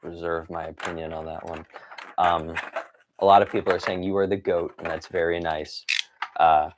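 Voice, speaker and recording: Chatty rambling man, lowish voice. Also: level tone, moderate pace, very noisy. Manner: rambling, chatty, laughs often, reads viewer comments. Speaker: toy collector streamer. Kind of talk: casual live-stream chat.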